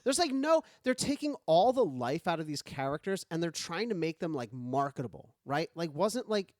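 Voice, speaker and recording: A male podcast co-host with a fairly high voice that swings up and down in lively, animated chat. He rambles through his points with plenty of fillers, sounding close to the mic in a dry, dead room. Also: moderate pace, no echo. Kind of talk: casual comedic chat.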